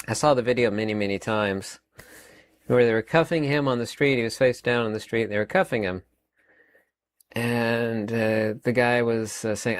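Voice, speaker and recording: A man in his fifties holds forth in a rambling opinion monologue, stumbling over repeated words and fillers as he presses his points. His voice sits at an ordinary middle pitch. The sound is dry and close, with no room around it. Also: moderate pace, no room sound. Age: 50s. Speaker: channel host.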